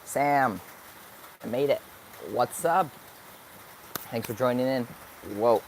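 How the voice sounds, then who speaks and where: A man's voice: medium pitch, slow, slight background noise. A young man in his late teens answering viewer questions on a live stream, upbeat and thinking aloud as he searches for words. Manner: upbeat, sometimes hyper. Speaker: vlogger.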